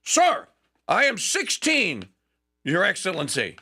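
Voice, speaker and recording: Guy doing a keen young soldier kid, way higher than his own voice, snappy and formal. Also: wildly swooping pitch, takes it slowly, pushed and bright, slightly rough, exaggerated voice. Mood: eager. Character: eager teenage male soldier reporting for duty.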